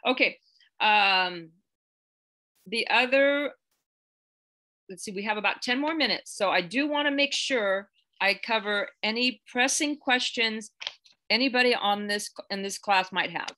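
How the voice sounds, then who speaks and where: A woman's voice: medium pitch, measured pace, sharp tone. A woman who works as a real estate agent, teaching a live online class in an earnest, chatty way with many fillers and restarts. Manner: gets emotional, close to tears.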